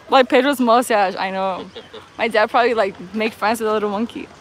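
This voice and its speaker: A woman's voice: fairly high pitch, fairly quick, slight background noise. A woman and mother coaxing and teasing her family in a playful, casual way at an outdoor wildlife park.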